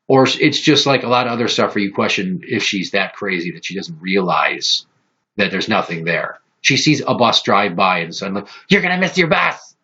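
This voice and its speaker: A man hosting a podcast, telling profane, animated stories in casual chat. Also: mid-range voice, breathy edge, lo-fi sound. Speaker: podcast host.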